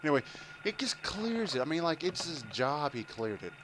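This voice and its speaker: A man with a fairly high voice, speaking at normal speed over background noise, tells a long, rambling story while playing a game. As a gameplay commentator, he's animated and casual and swears constantly.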